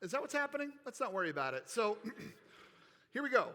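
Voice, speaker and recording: A man giving an energetic keynote speech, playful and animated as he works the crowd in a large convention hall. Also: extremely high pitch, a little fast. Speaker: keynote speaker. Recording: reverberant hall.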